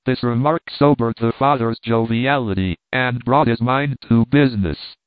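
A man narrating a classic novel in a measured, even way. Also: medium pitch, smooth, no room sound. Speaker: audiobook narrator. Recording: tinny phone-like sound, dry.

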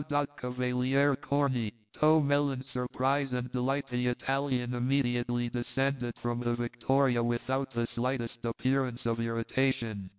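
A man narrating a classic novel in a measured, literary reading. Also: mid-range voice, clean tone. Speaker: audiobook narrator. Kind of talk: scripted narration. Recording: phone-like thin sound.

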